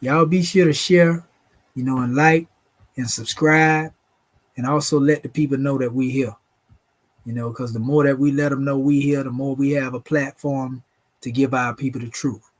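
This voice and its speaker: A man's voice: medium pitch, fairly even intonation, moderate pace. A man with a Southern US accent hosting a late-night livestream, reciting spiritual invocations in a preachy way and calling his listeners "family". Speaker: channel host.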